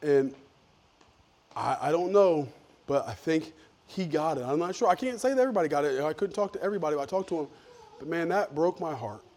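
A middle-aged man, a pastor preaching a sermon, telling stories in a folksy way with lively swings in loudness. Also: a little high, a little fast.

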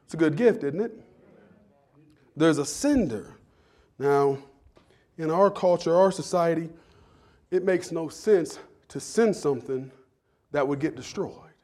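A middle-aged pastor with a drawl preaches in a high, lifted voice. He sinks into slow, quiet stretches, then builds into loud, playful storytelling. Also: lively intonation. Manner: preacherly, swings from hushed to loud and joking. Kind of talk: sermon.

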